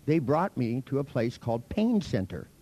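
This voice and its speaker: A man's voice: mid-range voice, big pitch swings, moderate pace, dark tone, breathy edge. A man teaching a hypnosis seminar to a live audience, telling anecdotes in a blunt, profane, teasing way. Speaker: hypnosis instructor.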